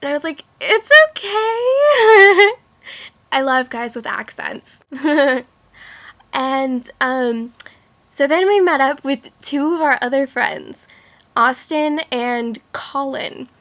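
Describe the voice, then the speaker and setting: Speaking slowly in a high, somewhat bright voice, this teen vlogger wanders through her stories, giggling a lot and saying "like" constantly.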